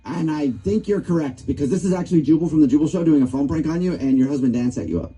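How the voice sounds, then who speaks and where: A man's voice: on the high side, fast talker, dark tone, slightly rough, low-quality recording. A man hosting a radio prank call, sounding mock-earnest and stammering as he acts worked up.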